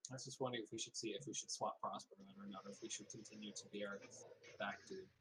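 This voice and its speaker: Man, quick talker, joking, tabletop game chat, faint hiss behind. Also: fairly low pitch, fairly even intonation. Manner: joking, thinks aloud about tactics. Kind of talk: casual game chat over voice call.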